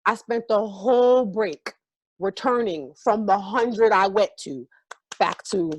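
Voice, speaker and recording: A woman's voice: medium pitch, takes it slowly, no echo. A woman from New York, a stage actor as a guest, telling a story in a vivid, profane and emotionally open way. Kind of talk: casual storytelling.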